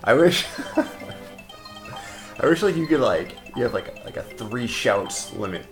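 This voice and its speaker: Lively-voiced man co-hosting a podcast. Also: mid-range voice, measured pace, soft background music. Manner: animated, laughing, profane, acts out quoted arguments. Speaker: podcast co-host. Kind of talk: casual chat while playing a game.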